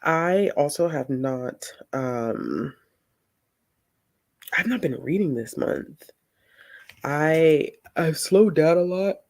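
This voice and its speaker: A man's voice: fairly high pitch, expressive. A man hosting a casual reading livestream, tired and yawning, rambling and greeting viewers in the chat. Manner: slow, rambling, says y'all often, greets chat viewers. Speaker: book livestream host.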